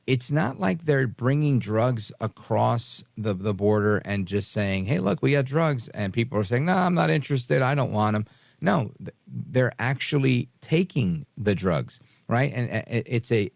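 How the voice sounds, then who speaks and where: A man's voice: lowish voice, creaky, a little mellow, dry recording. A man hosting a call-in radio talk show, earnest and rambling as he answers a caller. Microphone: studio mic.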